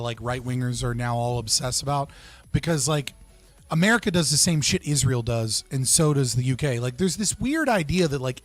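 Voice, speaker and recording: A man hosting a live stream panel, talking in a casual, animated way with swearing and joking outbursts. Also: fairly high pitch, dry recording. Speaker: livestream host.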